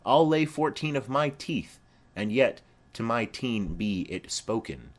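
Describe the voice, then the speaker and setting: A man's voice: medium pitch, sing-song, measured pace. A man reading the part of a garrulous old female nurse who rambles on with chatty asides.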